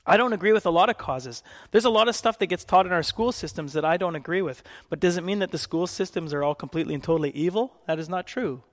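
A man from Canada preaches a sermon, telling stories with frequent laughs and acted-out quotes. His voice sits high for a man. The sound rings with a long hall reverb. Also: fast, few pauses.

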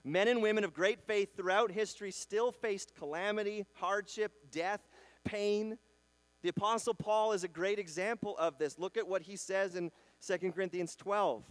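A man preaching a sermon in a conversational style, acting out quotes and swinging between loud bursts and quiet emphasis. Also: sits high, moderate pace, no echo. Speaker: pastor.

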